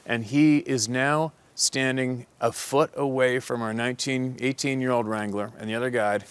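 A man's voice: mid-range voice, steady tone, normal speed, smooth. A man who works as a hunting guide telling a story in a casual, profane, rambling way.

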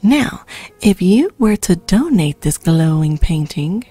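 A woman's voice: on the low side, sing-song, slow pace, mellow, slightly rough, full character voice. Woman doing a prim, fussy owl curator. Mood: delighted. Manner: formal, old-fashioned and prim. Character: polite fussy male owl museum curator. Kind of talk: reading game dialogue aloud in character.

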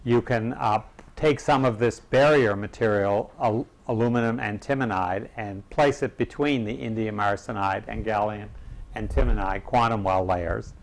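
Man, seminar lecture, halting delivery, fry in the voice, lowish pitch. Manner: halting, many filler pauses, clears throat. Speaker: seminar speaker.

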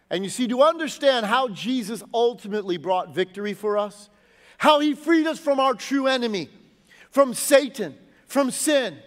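High-voiced man preaching in a hall. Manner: preaching with big swings, dropping low and soft at phrase ends, rising to shouts. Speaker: pastor. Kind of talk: sermon.

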